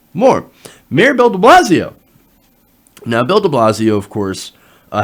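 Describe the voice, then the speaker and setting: A man hosting a political commentary show, reading from an article and adding sarcastic asides, with frequent fillers. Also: mid-range voice.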